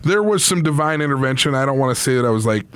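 A man's voice: mid-range voice, lively intonation, fast, fairly bright tone, clean tone, no room sound. A man who is a sports psychologist, a guest in a radio studio, telling his story in an earnest, reflective way. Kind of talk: radio interview. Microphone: studio microphone.

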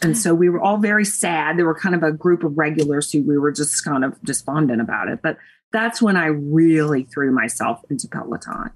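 A woman from Tennessee tells stories as a guest on a chatty interview show. Her voice is somewhat husky, and she laughs often. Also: on the low side. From Nashville, Tennessee. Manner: animated storyteller, laughs often. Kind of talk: casual chat.

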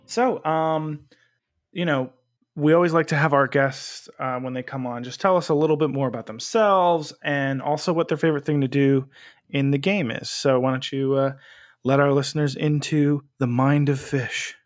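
A man's voice: fairly high pitch, normal speed. A man hosting a gaming podcast, talking casually with frequent ums and uhs. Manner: relaxed, hesitant with many fillers. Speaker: podcast host.

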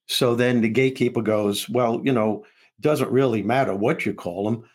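A man with a slightly rough, husky voice, talking as a guest in an interview. He tells a story with comic timing and jumps in and out of the voices of the people in it, laughing along the way. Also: medium pitch, moderate pace, darkish tone. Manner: acts out dialogue between characters, laughing often. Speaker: guest author and comedian.

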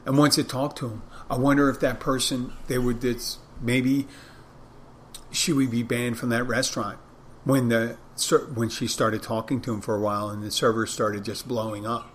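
On his podcast, a man who tends bar rambles through a story in casual monologue, voicing both people in the exchange. He speaks at a moderate pace with a flat delivery in a mid-range, slightly bright voice, over slight background noise.

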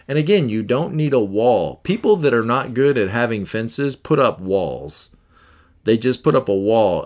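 A man hosting a self-help podcast, teaching in an earnest, conversational way that often repeats itself. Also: medium pitch. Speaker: podcast host.

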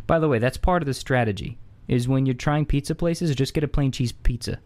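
A man casually telling a comedic anecdote, conversational with many fillers and asides, getting louder and higher as the story heats up. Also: fairly quick. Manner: animated, rising excitedly when impersonating locals.

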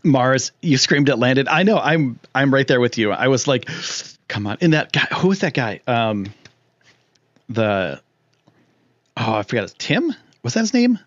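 A man hosting a casual live stream, excitable and rambling with lots of fillers while he reads chat. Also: medium pitch, measured pace, no room sound, highs cut off. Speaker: livestream host.

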